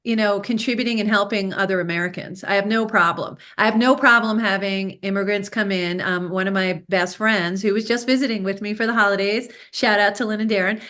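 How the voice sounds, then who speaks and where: A woman hosts a relaxed interview and talks in an earnest, animated way. Her voice sits at a typical pitch for a woman. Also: brisk, hardly any pauses. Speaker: host and success coach. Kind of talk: casual interview chat.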